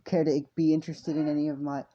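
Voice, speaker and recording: A man voicing a smug, greedy male market vendor in a high, mock-polite sales voice. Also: flat delivery, fast talker, warm tone, natural voice. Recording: dull lo-fi home mic with faint noise.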